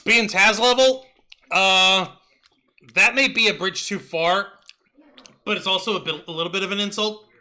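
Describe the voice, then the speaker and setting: A man co-hosting a wrestling review podcast in casual chat, excitable and profane, quick to laugh and shout. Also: high voice, rough recording.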